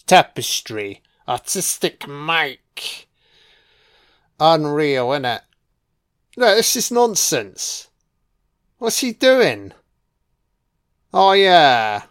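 A man giving a profane, sarcastic commentary on a film as it plays. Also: on the high side.

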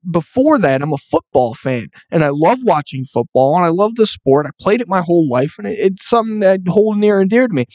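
A man's voice: high-pitched, darkish tone, no echo. A young man, hosting a sports podcast and ranting angrily with lots of swearing. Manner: profane, angry ranting. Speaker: podcast host.

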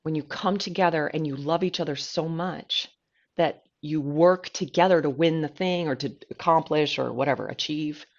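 A woman co-hosting a podcast, telling a story in a chatty, animated way with plenty of fillers. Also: low voice, normal speed. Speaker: podcast co-host. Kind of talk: casual storytelling chat. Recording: dull lo-fi podcast audio.

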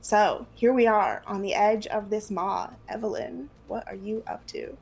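A woman's voice: mid-range voice, unhurried, gravelly, slightly rough, poor audio. Casual woman narrating as game master. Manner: casual, filler-heavy narration.

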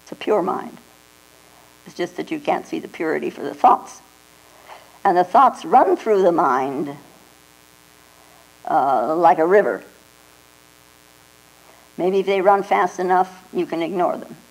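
Slow, gravelly woman giving a Zen talk. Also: on the low side, animated, rough recording. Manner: slow, reflective, with frequent "you know" and "huh?" asides. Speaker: Zen teacher. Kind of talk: dharma talk. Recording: 1989 tape with mains hum.

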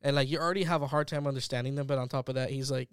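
A man's voice: mid-range voice, steady tone, rapid-fire, clean tone, no echo, studio quality. A man hosting a podcast, chatting casually and joking with laughter. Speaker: podcast host. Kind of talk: casual chat.

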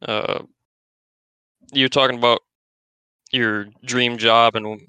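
A man's voice: medium pitch, level tone, takes it slowly, sharp tone, clear, resonant tone, dry recording, rough recording. A young man in his twenties on a podcast, giving brief easygoing encouragement. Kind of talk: casual chat.

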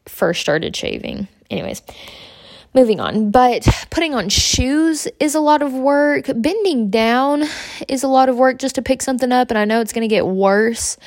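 A young pregnant woman with a lilt chats candidly and rambles on her own podcast. Her voice has a gravelly fry running through it. The sound is close and dry, with no room around it. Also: mid-range voice, no echo. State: pregnant, about twenty-two weeks. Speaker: podcast host. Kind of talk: casual podcast chat.

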